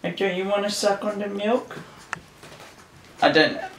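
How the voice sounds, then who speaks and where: A man chatting to his new puppy at home at night in soft, doting baby talk, often shushing it. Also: high-pitched, unhurried. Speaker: vlogger. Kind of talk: casual chat with a new puppy. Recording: roomy echo, faint room noise.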